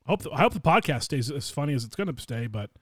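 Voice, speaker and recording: Animated swearing podcast guy. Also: fairly high pitch, fast talker, breathy edge, no echo, clean studio sound. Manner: animated, swings loud and quiet, swears a lot. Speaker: podcast co-host. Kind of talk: casual profane storytelling.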